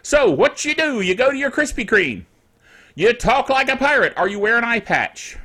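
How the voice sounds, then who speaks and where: Animated, bright-voiced man hosting a podcast. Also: extremely high pitch, normal speed. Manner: animated and jokey, playful asides. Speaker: podcast host. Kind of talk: casual solo netcast chat.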